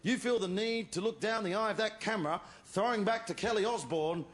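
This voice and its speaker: A man performing a stand-up comedy routine, telling stories with animated delivery and shouted punchlines. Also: high-pitched, fairly quick. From Australia. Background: audience laughter.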